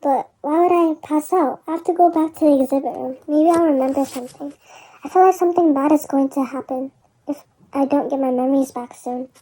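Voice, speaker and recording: Woman narrator for a fan drama, high voice, very mellow tone, uneasy. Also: a little fast, poor audio. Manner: uneasy inner monologue. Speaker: narrator and lead reader.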